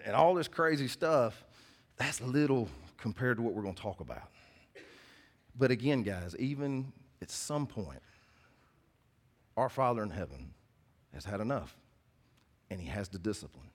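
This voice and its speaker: A middle-aged man preaching a sermon, telling personal stories as he swings between loud bursts and hushed asides. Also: mid-range voice.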